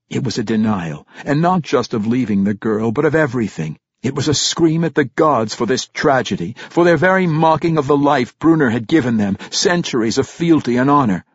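A husky male narrator reading a fantasy audiobook, his pitch rising and falling dramatically through every sentence. The recording is close and dry with a slightly dull, lo-fi tone. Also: no echo.

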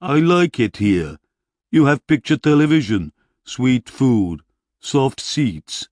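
A man voicing a huge, simple-minded barbarian hero who speaks slowly in blunt, short sentences, in an audiobook reading. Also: medium pitch, very animated, darkish tone, dry recording, clean studio sound, pitched above the performer's own voice.

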